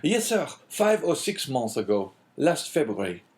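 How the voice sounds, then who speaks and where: A man's voice: medium pitch, very animated, unhurried, darkish tone. A man voicing an anxious, eager middle-aged French prison inspector in an audiobook, in a fretful, pleading manner.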